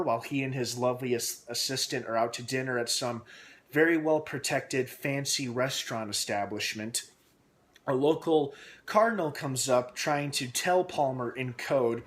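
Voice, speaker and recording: A young man talking through a TV episode recap in a loose, rambling way. His voice sits at an ordinary middle pitch, and "uh" fillers and restarts break up his sentences. He keeps tossing speculative questions out to his viewers. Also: a bit bright. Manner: asks himself questions aloud while speculating. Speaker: TV episode reviewer and channel host. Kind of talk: casual recap vlog.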